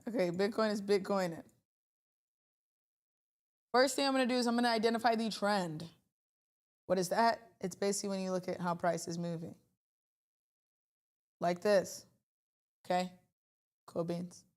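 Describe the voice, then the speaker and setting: A woman streaming live from her desk, chatting away as she walks viewers through charts. She talks in an animated, easygoing way into a computer mic and reacts to her audience as she goes. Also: medium pitch, moderate pace, long pauses. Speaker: trading livestream host. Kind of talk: casual livestream chat.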